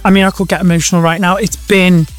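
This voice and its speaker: A man's voice: high voice, little pitch movement, clear, resonant tone, soft background music. Chatty effusive man in his thirties. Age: 30s. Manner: chatty, effusive, quick to laugh. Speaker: guest performer. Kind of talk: casual interview chat.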